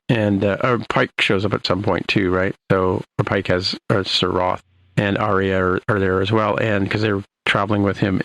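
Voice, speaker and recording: A man hosting a podcast, recapping an episode in a rambling, halting way with many restarts. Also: on the low side, fairly bright tone, rough recording. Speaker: podcast host.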